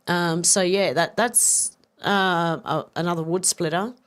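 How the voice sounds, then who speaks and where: A woman's voice: fairly low pitch, fairly even intonation, measured pace, few pauses. Chatty Australian woman live-streaming. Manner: chatty, effusive, warm thanks, many restarts. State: slightly congested with a cough. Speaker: livestream host. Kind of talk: casual live-stream chat, reading viewer comments.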